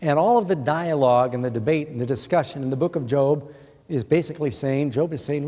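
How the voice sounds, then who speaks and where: Middle-aged male preacher, earnest and questioning, mellow voice, long hall echo. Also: on the high side, lively intonation, fast. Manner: earnest, asks the listeners questions. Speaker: pastor. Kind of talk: sermon.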